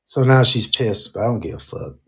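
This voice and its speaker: A man's voice: fairly low pitch, lively intonation, brisk, fairly bright tone, breathy edge. A man co-hosting a casual talk show, telling a dating story and acting out the quoted lines. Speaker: co-host.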